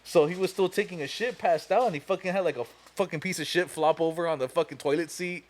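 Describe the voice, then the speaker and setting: A man's voice: a little high, fast talker, slight background noise. A young man hosting a podcast, telling a long story casually, profane and laughing as he goes. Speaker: podcast host.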